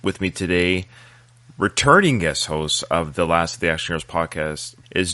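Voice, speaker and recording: Upbeat podcast host guy, real deep voice, eager casual chat. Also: very animated, normal speed, bright, forceful tone, no room sound. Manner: enthusiastic, joking.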